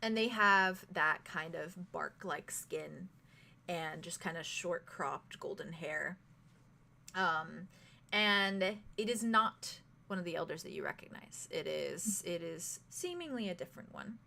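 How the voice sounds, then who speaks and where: A young woman narrating as game master in a tabletop game, halting, with many fillers and giggles. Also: lowish voice, lively intonation, vocal fry, sharp tone.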